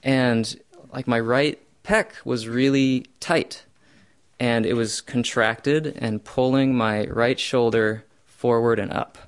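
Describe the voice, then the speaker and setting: Young male storyteller, mid-pitched, self-mocking, bursts loud when recounting his panic. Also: fairly even intonation, slow pace, smooth. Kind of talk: first-person true story.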